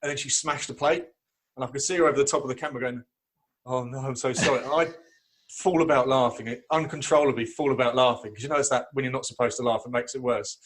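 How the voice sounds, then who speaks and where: A man's voice: medium pitch, fairly even intonation, fast, fairly bright tone. A man in casual podcast chat, telling anecdotes and laughing often. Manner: chatty storyteller, laughs often. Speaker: podcast guest.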